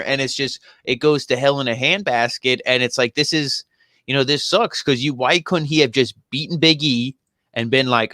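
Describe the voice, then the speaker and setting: A man's voice: mid-range voice, fairly even intonation, pushed and bright, no room sound, clean studio sound. A man co-hosting a wrestling review show, chatting casually and rambling with lots of fillers. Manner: rambling, filler-heavy, quick asides. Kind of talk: casual chat.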